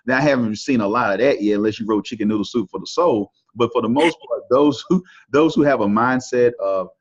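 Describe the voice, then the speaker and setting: Folksy Texan man hosting an interview. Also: on the low side. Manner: loose, folksy and upbeat, with many fillers. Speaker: podcast host. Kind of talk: casual interview talk. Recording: dull lo-fi audio.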